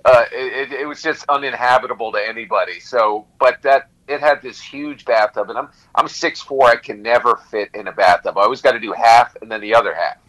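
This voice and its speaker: A man's voice: mid-range voice, brisk, hardly any pauses, fairly bright tone, rough recording. A man telling rambling, laughing anecdotes in casual chat.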